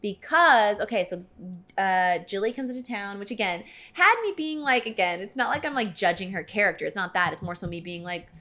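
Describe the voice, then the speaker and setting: A young woman co-hosting a podcast, chatting casually about a movie and acting out the characters' lines with big jumps in her voice. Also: brisk. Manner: animated, acts out quotes with big pitch jumps. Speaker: podcast co-host. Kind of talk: casual movie review chat.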